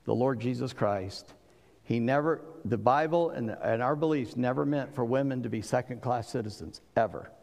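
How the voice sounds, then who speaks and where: Emphatic preacher in a reverberant hall. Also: male voice, medium pitch, moderate pace, vocal fry, a little mellow. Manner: emphatic preaching, acts out voices from scripture. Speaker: pastor. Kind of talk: sermon.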